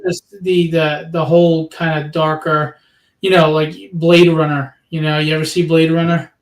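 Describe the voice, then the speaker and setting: A man hosting a casual livestream interview, chatty and promotional as he asks questions and pitches the campaign. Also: level tone, moderate pace, roomy sound. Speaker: livestream host.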